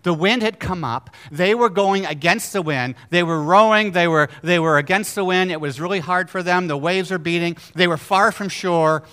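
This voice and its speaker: High, bright-voiced preacher with dramatic swings. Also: male voice, normal speed, hardly any pauses, clear, resonant tone. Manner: dramatic swings between loud exclamations and hushed storytelling; asks the congregation rhetorical questions. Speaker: pastor. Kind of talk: sermon.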